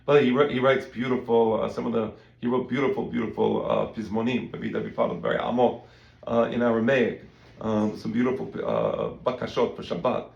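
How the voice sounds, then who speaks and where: Gravelly-voiced male rabbi teaching in an echoey room. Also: medium pitch, a little fast, dull audio. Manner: conversational, repeats words, quotes in animated voices. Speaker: rabbi teaching a Talmud class. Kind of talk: casual Talmud lesson.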